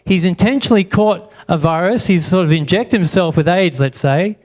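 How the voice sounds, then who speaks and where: A man's voice: sits high, normal speed, darkish tone. A man preaching a sermon in church, asking the congregation question after question. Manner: asks the congregation many rhetorical questions. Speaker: pastor.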